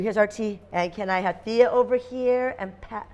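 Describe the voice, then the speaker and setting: A woman teaching a phonics lesson to a class of young children, sounding out letters in slow, repeated chants. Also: mid-range voice, a little mellow.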